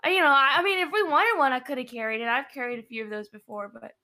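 A woman's voice: high-pitched, quick pace, bright, forceful tone. A woman playing a character in a tabletop game, rambling in a playful way. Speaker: player. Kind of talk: casual in-character play.

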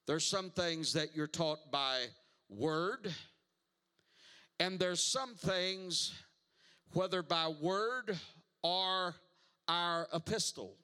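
High, bright-voiced preaching man. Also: clean tone. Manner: emphatic preaching, repeats words and calls for responses. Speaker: pastor. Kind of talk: sermon.

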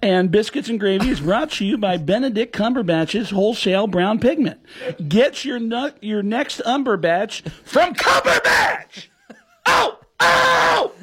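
A comedian guest doing exaggerated celebrity impressions for mock radio ads. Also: male voice, very high-pitched, very animated, a little slow, vocal fry, a bit bright, husky, voice pushed up, heavily acted. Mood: comic, over the top. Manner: switches into exaggerated put-on voices. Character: male celebrity impressions, brash and loud.

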